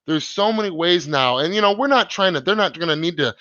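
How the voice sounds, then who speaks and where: A man hosting a live stream, chatting casually in an excited, rambling, slangy way with many restarts. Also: high-pitched, a little fast, no room sound, lo-fi sound.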